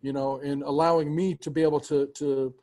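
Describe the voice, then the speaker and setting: A man's voice: a little high, level tone, a little fast. A man teaching music, talking earnestly and at length to his students on a video call, with frequent restarts. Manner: earnest, warm, rambling with restarts. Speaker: music teacher hosting a roundtable. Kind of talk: casual heartfelt talk to students.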